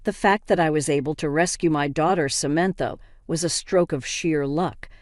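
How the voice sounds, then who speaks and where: A woman reading a dramatic first-person family story as scripted narration, in a steady, even delivery. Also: low-pitched, no echo, studio quality.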